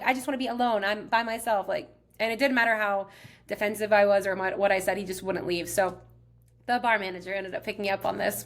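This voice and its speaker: A young woman from Texas, hosting her own show, telling a travel story in a chatty, animated way with lots of "like". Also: medium pitch. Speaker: podcast host. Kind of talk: casual storytelling.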